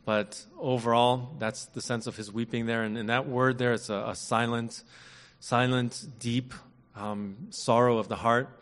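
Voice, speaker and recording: Male preacher, earnest and measured sermon delivery with repeated emphasis, long hall reverb. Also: mid-range voice, steady tone.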